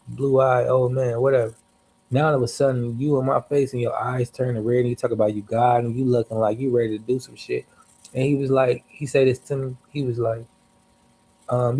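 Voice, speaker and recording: A man's voice: medium pitch, level tone, fairly quick, dark tone, a little hiss or hum, rough recording. Young male streamer, casual storyteller, heavy slang and cursing, rambling asides. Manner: loose, slangy, profane, restarts and asides. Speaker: livestream host.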